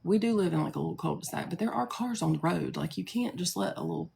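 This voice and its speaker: A woman's voice: on the low side, expressive, quick pace, gravelly, warm tone, a little hiss or hum. A woman in her thirties telling a long story casually to a live audience, rambling with many asides and fillers. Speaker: live streamer.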